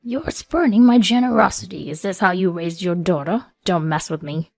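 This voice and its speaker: A woman's voice: low voice, a little fast, vocal fry, warm tone, no echo. A woman reading the lines of an older male steakhouse owner who blusters and threatens in a storybook tale. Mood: threatening. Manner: blustering, menacing.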